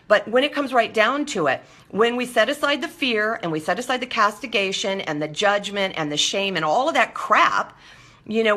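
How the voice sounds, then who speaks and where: A woman hosting a live motivational chat, reading out viewer comments and answering them emphatically, jumping up high on her punchlines. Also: sharp tone. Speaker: host of a live call-in show.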